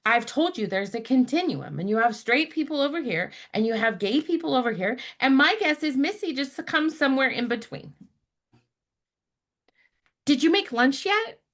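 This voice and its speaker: Woman retelling as a gentle elderly grandpa, matter-of-fact and patient. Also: high voice, big pitch swings, moderate pace, pitched above the performer's own voice, full character voice.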